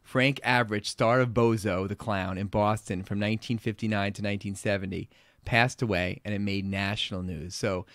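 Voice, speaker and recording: A man's voice: lowish voice, steady tone, normal speed, a bit bright, no room sound. A man with a Long Island accent co-hosting a pediatrics talk show, opinionated and blunt as he talks through health news. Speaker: podcast co-host, pediatrician.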